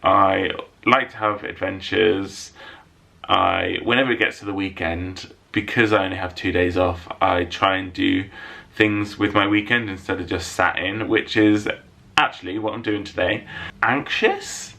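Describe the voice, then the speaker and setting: A man's voice: deep voice, unhurried, vocal fry, bright, forceful tone. A man talking casually to camera at home, answering viewer questions in a jokey, self-mocking way. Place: room at home lit by a window.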